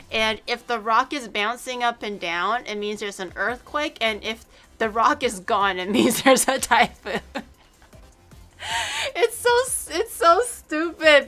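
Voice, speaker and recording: A woman streamer chatting casually on a livestream, rambling excitably and swearing freely. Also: fairly high pitch.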